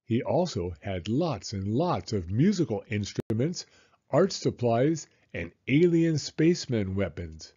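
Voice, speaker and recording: Slow, animated male storyteller. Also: medium pitch, breathy edge, muffled recording. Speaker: children's storyteller. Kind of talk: read-aloud storybook narration.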